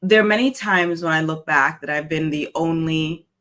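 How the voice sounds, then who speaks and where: A woman from Saint Thomas in the Virgin Islands, a guest in an interview who answers in a measured, reflective way. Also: sits low, fairly bright tone. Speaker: interview guest, mental health educator. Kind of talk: interview conversation.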